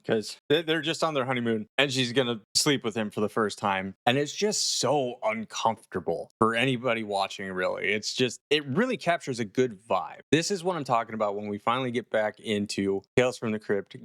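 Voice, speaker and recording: Man, casual horror reviewer, animated and profane, dry close recording. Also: mid-range voice, fairly quick, hardly any pauses, no echo.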